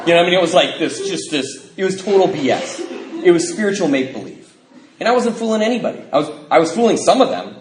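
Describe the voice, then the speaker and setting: A man's voice: sits high, big pitch swings, quick pace. A middle-aged man from the Pacific Northwest, telling his recovery story to a live audience in a joking, self-mocking way with many fillers. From Bellingham, Washington. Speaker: recovery speaker. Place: convention hall before an audience. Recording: roomy hall, noisy live recording.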